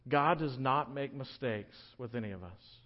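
Male pastor, conversational joking sermon, mid-pitched, dull lo-fi recording. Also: normal speed. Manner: conversational, joking, animated storytelling.

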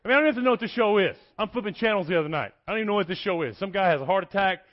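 A middle-aged man, preaching an energetic, folksy sermon in a church and joking with the congregation. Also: high voice, rapid-fire, dull audio. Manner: folksy, animated, joking with the crowd.

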